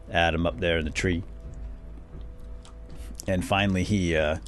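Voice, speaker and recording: A man casually recapping a cartoon while playing a game, rambling with many fillers and chuckles. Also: low voice.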